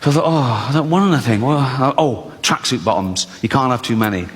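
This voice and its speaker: A man's voice: medium pitch, animated, brisk. A man doing a stand-up set, telling crude, mock-indignant stories. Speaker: stand-up comedian. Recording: echoey hall with loud audience.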